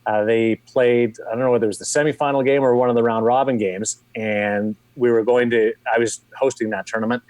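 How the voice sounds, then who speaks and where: A man's voice: mid-range voice, steady tone, fairly quick, few pauses, a little mellow, no echo. Dry-miked Canadian man telling stories. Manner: rambling, many restarts and fillers. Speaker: TV hockey host, guest. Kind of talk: casual storytelling.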